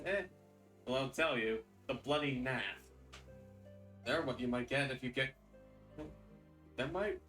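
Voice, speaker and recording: A man voicing a blunt, gruff rustic hunter chief who talks in a folksy, colloquial way. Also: mid-range voice, a bit bright, lightly acted.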